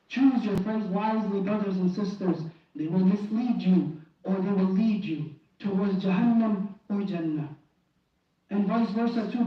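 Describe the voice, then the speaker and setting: A man giving an impassioned Friday sermon in a mosque, pleading and fervent, often restarting and repeating phrases. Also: high voice. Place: mosque prayer hall. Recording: very echoey hall, distant and dull.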